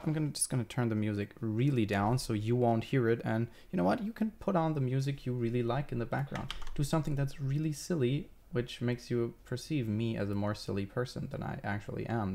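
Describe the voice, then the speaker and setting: A man's voice: mid-range voice, a little mellow. A man live-streaming his video editing, talking casually and thinking aloud with many fillers.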